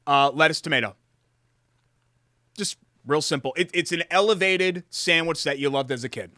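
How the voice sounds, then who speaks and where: A man's voice: a little high, normal speed, sharp tone, dry recording, studio quality. A man co-hosting a casual sports talk show, joking with his co-host and doing sponsor reads. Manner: chatty, jokey, reads sponsor plugs. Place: studio.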